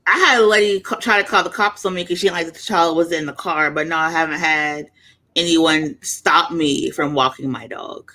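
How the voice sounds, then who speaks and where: A woman's voice: low voice, moderate pace, pushed and bright. A woman co-hosting a podcast, talking in an opinionated, emphatic way. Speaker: podcast co-host. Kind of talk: casual podcast chat.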